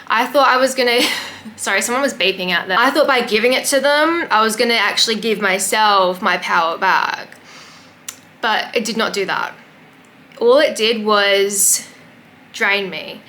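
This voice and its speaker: A young woman hosts a casual podcast monologue, her voice bright and forceful at a middle pitch. She talks in a sassy, emphatic, chatty way, leaning on fillers, with a faint hiss of noise behind her. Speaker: podcast host.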